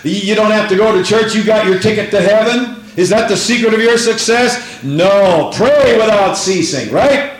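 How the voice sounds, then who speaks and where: A high-voiced man preaching a sermon with fervent, repeated phrases and scripture read aloud. His voice rings out in an echoey church room. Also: moderate pace.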